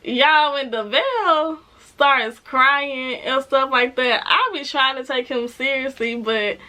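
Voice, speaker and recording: Speaking slowly in a voice that sits high, a woman who reviews TV shows gives a lively, casual episode recap. She laughs as she chats and performs the characters' lines herself.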